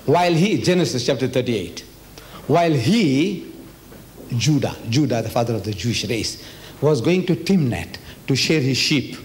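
A man's voice: mid-range voice, very animated, normal speed, a little mellow, a little hiss or hum. A man from Africa, giving a religious lecture in a hall and pressing the audience with rhetorical questions. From South Africa. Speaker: Islamic lecturer.

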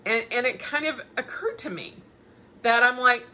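A middle-aged woman telling a story in a chatty, animated way, with laughing asides. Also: fairly high pitch, normal speed. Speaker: podcast host. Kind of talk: casual personal monologue.

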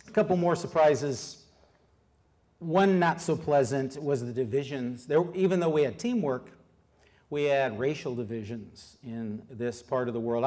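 This middle-aged author, with a mid-range voice, presents a public history lecture. His delivery is lively and conversational, he invites the audience in with questions, and he pauses often on fillers along the way.

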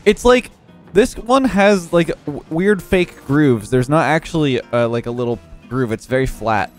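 A young man giving live commentary over his own gameplay, excitable and quick to laugh, with frequent exclamations. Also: fairly high pitch, soft background music. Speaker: gaming YouTuber.

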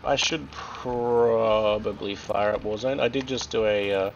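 A man's voice: lowish voice, fairly even intonation, a little slow, muffled recording, slight background noise. A man with an Australian accent chatting casually and joking while he plays and comments on a shooter game. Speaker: streamer. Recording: game gunfire and explosions loud behind voice.

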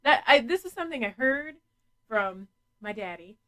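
A woman's voice: a little high, animated, normal speed, pushed and bright, low-quality recording. A woman hosting a casual podcast, chatty and frank, laughing often and swearing freely. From New England. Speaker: podcast host.

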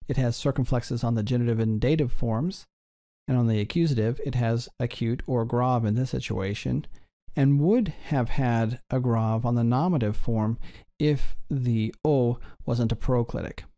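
A man teaching a recorded Greek grammar lesson, patiently explaining and slowing down to sound out each form. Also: mid-range voice, warm tone.

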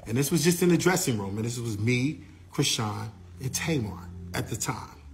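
A man working as a tour manager, retelling events in a casual, animated way and quoting the people involved. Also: medium pitch, normal speed, a little hiss or hum. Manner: animated storytelling, quoting others.

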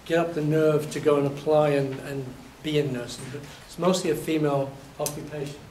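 A man from England giving a university lecture, telling lively stories and acting out his examples, his voice a little hoarse. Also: fairly high pitch, a little fast. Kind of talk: classroom lecture. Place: lecture hall. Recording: echoey hall, distant mic, faint noise.

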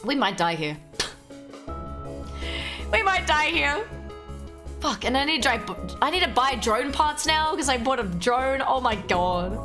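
A young Australian woman streaming a game live, excitable and quick to swear and laugh as she chats with her viewers. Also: a little high, over music. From Melbourne, Australia. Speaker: livestreamer. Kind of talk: casual live game commentary.

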